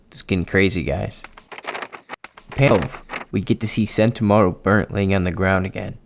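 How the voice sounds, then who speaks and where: A man's voice: deep voice, moderate pace, vocal fry. Hyped, foul-mouthed man reading manga. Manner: excitable, swears a lot, talks straight to viewers. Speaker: anime and manga YouTuber. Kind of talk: casual manga chapter readthrough.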